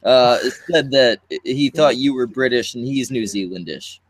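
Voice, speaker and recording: A man's voice: mid-range voice, a little slow. A man co-hosting an online chat, blunt and joking, rambling as he talks. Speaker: podcast co-host. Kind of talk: casual chat.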